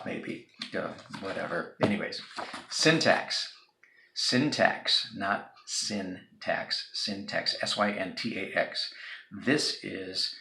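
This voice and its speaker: A man's voice: fairly low pitch, vocal fry, pushed and bright, reverberant, a little hiss or hum. A male instructor giving a recorded video lecture in a casual, joking way, with frequent ums and uhs. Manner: casual, joking, filler-heavy.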